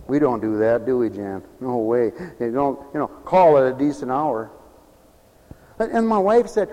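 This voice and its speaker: A man preaching a sermon with great fervor, swinging from shouted exhortations to low, confiding asides. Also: animated, moderate pace. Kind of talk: fiery sermon. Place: church hall, also broadcast on radio. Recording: long hall reverb.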